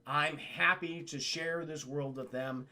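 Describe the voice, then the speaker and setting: A man doing a calm, noble gargoyle leader. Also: a little high, takes it slowly, voice pushed down, full character voice. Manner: steady, reassuring.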